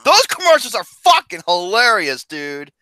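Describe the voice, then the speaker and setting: Man, very animated pitch, bright tone, enthusiastic movie chat. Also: moderate pace. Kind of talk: casual movie podcast chat.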